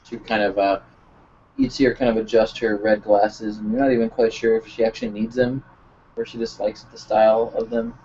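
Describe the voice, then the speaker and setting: A man rambles through his character's actions as a tabletop game player. His voice is mid-pitched. The line is dull and lo-fi with a faint hum behind. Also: level tone, fairly quick, darkish tone. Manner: rambling, filler-heavy. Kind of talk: casual tabletop play.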